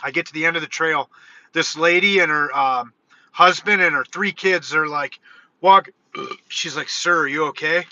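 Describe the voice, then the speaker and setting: A man's voice: high voice, lively intonation, a little fast, sharp tone, no echo. A man vlogging, telling a long rambling story in a casual way, quoting himself and swearing now and then. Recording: dull lo-fi sound.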